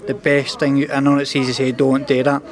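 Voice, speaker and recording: A young man with a thick Glasgow accent speaks as a boxer in an interview, earnest and open. His words tumble out at a rapid clip in a fairly level, even tone, and he tags nearly every line with "mate" and "know what I mean". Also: medium pitch. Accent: Scottish, Glasgow. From Scotland. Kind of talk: candid interview talk.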